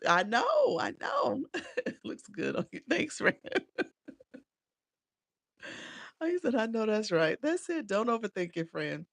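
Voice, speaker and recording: Middle-aged woman live-stream coach, chatty and laughing a lot, gravelly edge, close dry mic. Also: on the low side, no echo. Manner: chatty, laughs often, reads viewer comments aloud.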